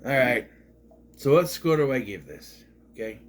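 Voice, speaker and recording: A man's voice: mid-range voice, expressive, a little slow, slight background noise. A man, a father, reviewing a movie in a rambling, sarcastic, casual monologue, often repeating himself.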